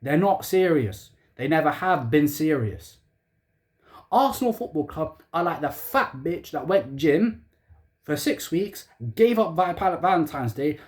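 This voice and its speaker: A man's voice: on the high side, darkish tone. A young man ranting sarcastically as a football fan channel host, firing rhetorical questions in heavy slang.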